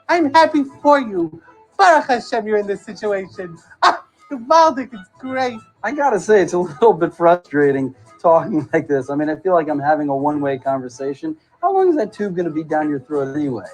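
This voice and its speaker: A tactless hospital visitor chatters on obliviously, as a man puts him on for a sketch. His pitch leaps up and down animatedly as he rambles, and faint music plays underneath. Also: very animated, brisk, rough recording. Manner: rambling, oblivious, self-absorbed small talk. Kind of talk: comedic sketch monologue.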